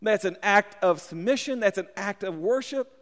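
A man preaching a sermon in a church on a microphone, talking conversationally with repeated words and sudden shouts for emphasis. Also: sits high, animated, normal speed, big-room sound. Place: church sanctuary. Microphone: handheld or stand mic.

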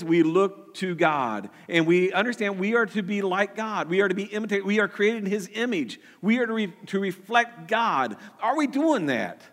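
High-voiced preacher in an echoing hall. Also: male voice, a bit bright. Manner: earnest, repeats words and restarts often. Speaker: pastor. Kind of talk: sermon.

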